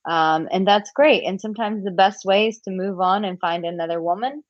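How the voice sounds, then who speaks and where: A woman's voice: medium pitch, a little fast, few pauses, no room sound, lo-fi sound. A woman dating coach answering viewer questions in a live Q&A, candid and chatty, acting out example lines.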